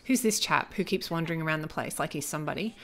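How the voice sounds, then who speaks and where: A young woman chatting casually as she comments on her life-simulation gameplay, excitable and joking as she reacts. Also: low-pitched, quick pace. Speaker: gaming YouTuber.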